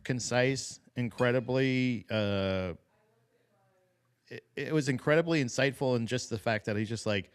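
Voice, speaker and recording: Rambling, cussing podcast co-host, mid voice. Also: male voice, medium pitch, unhurried, clear, resonant tone. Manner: rambling, profane, laughing. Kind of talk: casual comedy chat.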